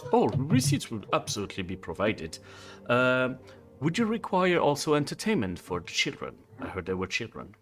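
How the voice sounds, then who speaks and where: A man voicing a brusque male hotel manager with a heavy put-on Italian accent, talking fast in a tabletop role-play. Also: mid-range voice, huge pitch swings, fairly bright tone, slight background noise. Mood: bargaining. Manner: fast, smooth haggling.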